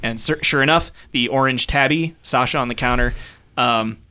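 A man's voice: medium pitch, normal speed, bright, forceful tone, clear, resonant tone. A man narrating a tabletop game as game master, rambling, with many fillers.

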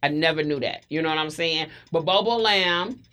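Deep-voiced woman telling street stories, cussing, stumbling over her words. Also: moderate pace, fairly bright tone. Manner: blunt, profane, repeats words as she restarts. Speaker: guest telling her life story. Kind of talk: casual storytelling.

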